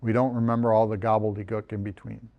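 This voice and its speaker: American guy giving a relaxed slide lecture on writing, lots of ums, a bit self-deprecating. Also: on the low side, fast talker, highs cut off. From United States. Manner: conversational, self-deprecating, many ums and restarts. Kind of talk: recorded lecture over slides.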